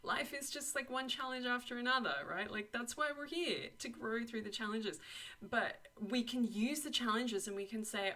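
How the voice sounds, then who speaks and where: Bright, effusive young woman reading tarot. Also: medium pitch, moderate pace. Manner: effusive and encouraging, full of 'like' and 'you know'; laughs often. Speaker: tarot and oracle card reader. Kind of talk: casual monthly card reading to camera.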